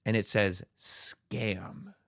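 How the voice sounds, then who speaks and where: A man's voice: on the low side, sing-song, extremely slow, creaky, fairly bright tone, no room sound. Dry-humored man in podcast chat. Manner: dry, wry humor, reads messages aloud. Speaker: podcast co-host. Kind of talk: casual chat.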